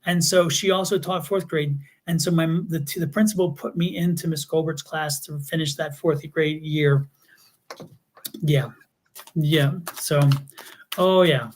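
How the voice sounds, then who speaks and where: Animated storytelling man, fairly high voice. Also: a little slow. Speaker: tarot reader co-host. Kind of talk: casual chat on live stream.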